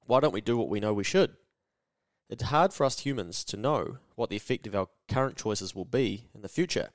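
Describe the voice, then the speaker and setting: A man's voice: on the low side, dry recording, studio quality. A man with a New Zealand accent hosting a podcast lesson in a casual, chatty, slangy and emphatic way. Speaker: podcast host.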